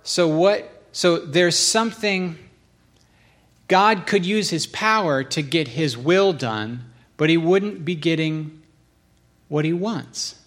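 A man with a high-pitched voice delivers a relaxed, conversational sermon. He tells stories with animated swings between quiet asides and sudden high outbursts, often laughing at himself. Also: takes it slowly. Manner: self-deprecating, laughs at himself. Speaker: pastor. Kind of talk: casual sermon storytelling.

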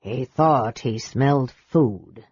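A woman's voice: rumbling low, fairly even intonation, measured pace, dark tone, husky, dry recording, voice pushed down, full character voice. A woman voicing a frail, sardonic young male mage in a storybook reading, weary and caustic. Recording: dull dry recording.

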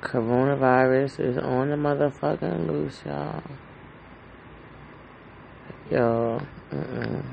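A man talks slowly and unhurriedly in a casual solo podcast monologue. His voice is deeply gravelly, with heavy vocal fry throughout. He rambles in an anxious, heartfelt way, with loose fillers and swearing. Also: fairly even intonation, lo-fi sound, slight background noise. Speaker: podcast host.

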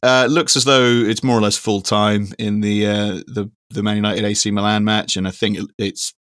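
A man's voice: on the low side, little pitch movement, moderate pace, fairly bright tone, no echo, clean studio sound. A man co-hosting a podcast, talking in a rambling, casual way and swearing now and then. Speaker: podcast co-host. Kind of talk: casual chat.

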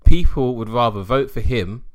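A man co-hosting a podcast, talking politics in a sarcastic, jokey, animated way. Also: mid-range voice, moderate pace. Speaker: podcast co-host. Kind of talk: casual political chat.

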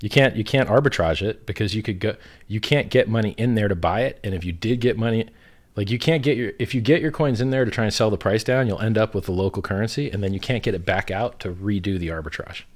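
A man's voice: on the low side, quick pace. Blunt, swearing man in casual chat. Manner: blunt, emphatic, swears freely.

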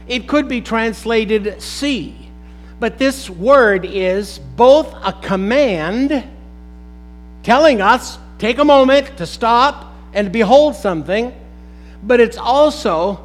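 Pastor, male, unusually high pitch; preaching to a live congregation, questioning the room, punchy emphatic peaks. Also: rough recording. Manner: rhetorical questions to the congregation, rising to emphatic exclamations. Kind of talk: sermon.

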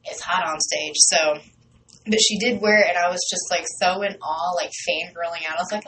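A young woman DJ in a small radio studio, chatting casually and gushing excitedly, with lots of fillers as she rambles. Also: on the low side, normal speed. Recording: distant mic with faint background noise.

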